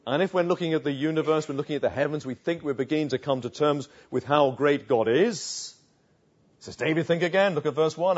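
A man preaching a sermon, swinging between hushed asides and emphatic, rising declarations. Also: mid-range voice, normal speed. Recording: dull lo-fi recording.

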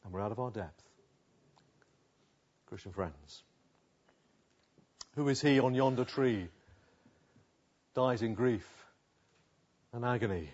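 A man preaching a sermon, dropping to a hush and then rising loud, slow and emphatic with long pauses. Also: medium pitch, muffled recording. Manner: dramatic swings between hushed and loud passages.

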